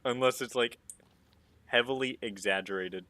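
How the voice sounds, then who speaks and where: A man's voice: medium pitch, normal speed, bright, forceful tone. A man chatting casually while playing a game, rambling through jokingly provocative opinions. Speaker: gaming streamer. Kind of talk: casual gameplay commentary.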